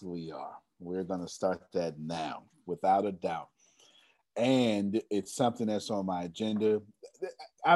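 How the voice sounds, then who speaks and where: A lower-pitched man hosts a group video call and keeps cheering members on with quick interjections. His talk is casual and animated, full of "come on" and "amen.". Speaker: host of a money mentoring call.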